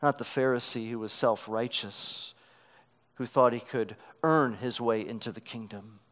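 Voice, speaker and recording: A man preaching a sermon as pastor, swelling to emphatic peaks and dropping to quiet lows. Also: unhurried. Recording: long hall reverb.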